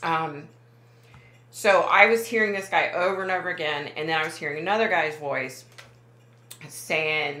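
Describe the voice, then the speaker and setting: A woman's voice: deep voice, normal speed, long pauses, bright, forceful tone, reverberant, a little hiss or hum. A woman working as a psychic medium, talking to camera in a casual, rambling way, often backing up and correcting herself. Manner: rambling, self-correcting, many fillers.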